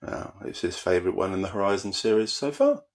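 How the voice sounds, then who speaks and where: A man co-hosting a casual podcast, his lowish voice running at a brisk clip. He chats in an easygoing way, explaining things at length. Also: wildly swooping pitch. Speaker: podcast co-host. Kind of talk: casual chat.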